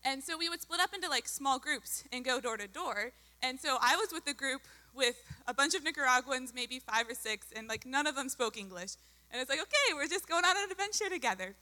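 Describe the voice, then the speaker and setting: A young woman talks in an upbeat, chatty way, full of fillers. Her voice is bright and a little high. A long hall reverb trails behind her. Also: a little fast. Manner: bubbly, chatty with many fillers. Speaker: mission volunteer. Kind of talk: testimony.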